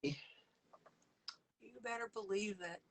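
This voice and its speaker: A woman's voice: medium pitch, slow, rough recording. A woman hosting a live online stream, chatty and greeting her viewers by name on a video call. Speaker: host of a live coloring stream. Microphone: webcam or computer mic on a video call.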